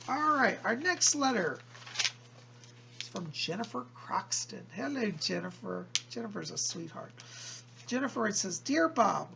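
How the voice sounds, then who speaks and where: A man speaks with a heavily gravelly, fry-laden voice, and his pitch rises and falls with animated swings. He acts as a psychic medium, relaying a spirit's messages to a viewer and repeating "he said" as he quotes them in slow, stretched-out phrases. A faint hum sits behind him. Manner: keeps quoting the spirit with "he said".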